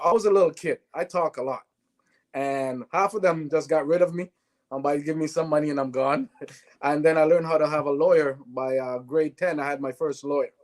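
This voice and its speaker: A man from Canada, a guest on an interview show, telling stories and acting out the dialogue. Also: fairly high pitch. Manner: animated, acts out dialogue in his stories. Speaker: guest, former sprinter turned businessman. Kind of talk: interview storytelling.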